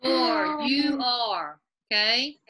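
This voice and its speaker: A woman's voice: sits high, animated, very slow, background noise. A woman teacher on a video call, reviewing a grammar quiz with her class and patiently spelling out answers. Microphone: laptop video call.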